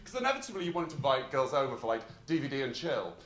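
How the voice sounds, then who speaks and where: A young man from North Yorkshire with a posh, loud voice, doing a rambling, self-mocking stand-up set in a comedy club. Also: mid-range voice, sing-song, rapid-fire. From North Yorkshire, England. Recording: roomy live club sound with crowd.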